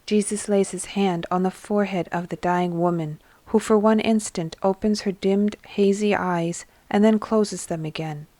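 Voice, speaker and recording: Woman reading a devotional story, slow n steady, mid pitch, dry close sound. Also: no room sound. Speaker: narrator. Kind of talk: scripted devotional narration.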